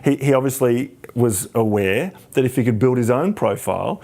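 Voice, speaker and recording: A man's voice: mid-range voice, moderate pace, creaky, darkish tone. An Australian man hosting a podcast, explaining things with enthusiasm in casual talk. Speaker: podcast host.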